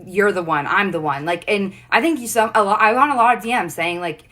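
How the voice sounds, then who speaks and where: A woman's voice: medium pitch, brisk, pushed and bright. A young woman as a livestream guest, telling a long personal story in casual chat, rambling with constant "like" fillers.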